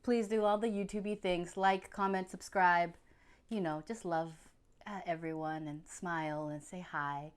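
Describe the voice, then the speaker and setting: A woman's voice: on the low side, steady tone, measured pace, smooth. Chatty woman eating on camera. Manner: chatty and effusive, laughing between bites. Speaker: food vlogger. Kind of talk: casual mukbang food review.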